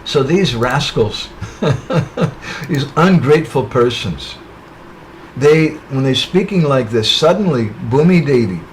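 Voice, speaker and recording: A man's voice: mid-range voice, expressive, measured pace, a little hiss or hum, poor audio. Man telling a parable in a sermon. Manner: narrates a parable with tag questions. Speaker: spiritual speaker. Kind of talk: storytelling sermon. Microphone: online webinar call.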